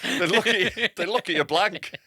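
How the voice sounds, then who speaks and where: A man's voice: high voice, animated, brisk, pushed and bright, slightly rough, dry recording. A man with a Northern English accent co-hosting a comedy podcast, trading dry, teasing wisecracks in casual banter. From north of England. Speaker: podcast co-host.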